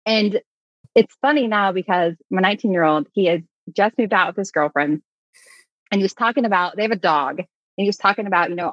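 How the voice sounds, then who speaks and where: A woman in her forties, an animated storyteller who laughs often, in casual conversation as a guest. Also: medium pitch, a little fast, no room sound, highs cut off.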